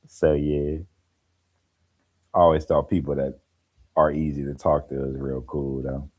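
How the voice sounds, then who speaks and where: A man's voice: very deep voice, expressive, takes it slowly, long pauses, darkish tone. A laid-back man chatting casually on a live stream, telling stories and laughing as he goes. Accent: African American Vernacular English. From American Midwest or East Coast. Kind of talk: casual chat.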